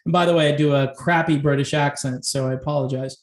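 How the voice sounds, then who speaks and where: Male host, fairly high voice, chatty and animated, roomy echoey sound. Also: quick pace. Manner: chatty and animated, laughing often, with frequent rhetorical asides. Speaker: host of a music commentary channel. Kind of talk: casual video commentary.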